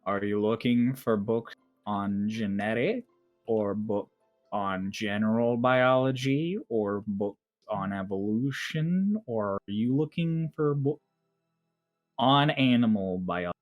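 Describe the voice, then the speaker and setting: A man doing a slow, halting furbolg shopkeeper. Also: fairly low pitch, dry recording, narrow, tinny audio, faint music behind. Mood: deliberate. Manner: slow, halting broken speech. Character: big slow-spoken male furbolg shopkeeper.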